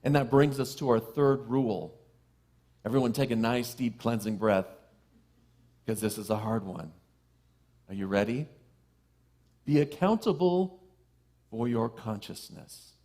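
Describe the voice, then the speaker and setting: A middle-aged man, a minister, giving a sermon to a live congregation, with playful self-deprecating asides and a soft hush on key phrases. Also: on the low side, fairly even intonation, normal speed, long pauses. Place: church sanctuary with live congregation.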